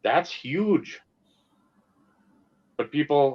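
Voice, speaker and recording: A man's voice: on the low side, unhurried. A man co-hosting a podcast, talking casually and ranting with plenty of swearing. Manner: animated, profane ranting. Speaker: podcast co-host. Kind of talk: casual sports and hobby chat. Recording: slightly dull lo-fi sound.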